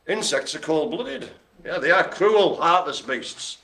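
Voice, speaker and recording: Lively jokey bingo caller. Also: male voice, a little high, unhurried. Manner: joking, wordplay, playful asides. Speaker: bingo host. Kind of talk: live online bingo calling.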